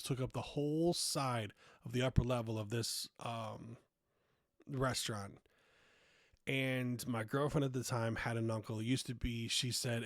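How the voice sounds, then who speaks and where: A man talks through a casual podcast monologue at an ordinary middle pitch. He is blunt and swears freely, and his voice climbs when something annoys him. The sound is dry and close, with no room echo. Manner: blunt, profane, gets loud and animated when riled. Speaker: podcast host.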